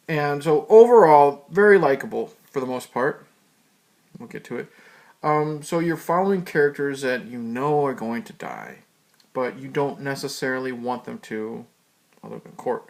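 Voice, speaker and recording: A man giving a casual, rambling movie review, swearing freely and filling pauses with ums. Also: mid-range voice. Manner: loose, profane, rambling with fillers.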